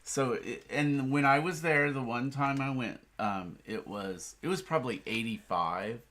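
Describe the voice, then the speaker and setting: A man's voice: mid-range voice, measured pace, fairly bright tone. A man co-hosting a casual chat, talking hesitantly with many fillers and restarts. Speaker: co-host.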